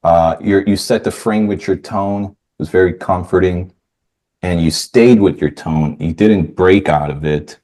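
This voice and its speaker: A man hosting a podcast interview. He asks questions in a relaxed, loose way with plenty of fillers. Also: deep voice, unhurried. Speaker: podcast host. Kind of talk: casual interview chat.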